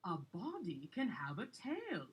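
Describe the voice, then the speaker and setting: A woman voicing an excitable inventor who shows off a machine in an educational cartoon, speaking theatrically. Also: mid-range voice, a little slow, husky, full character voice. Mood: excited. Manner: theatrical, exclamatory. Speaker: scientist presenting an inventor's lab. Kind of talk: animated educational video narration.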